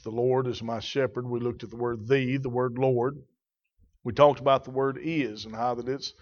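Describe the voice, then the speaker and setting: A man preaching a sermon in a church, reading scripture and teaching in a measured way, repeating key phrases. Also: medium pitch, highs cut off.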